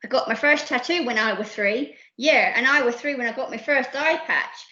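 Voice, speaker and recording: A woman voicing a gruff, boisterous male pirate crew in a storybook reading, with a rowdy pirate growl. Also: sits high, normal speed, bright, forceful tone, roomy sound, muffled recording. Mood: boastful.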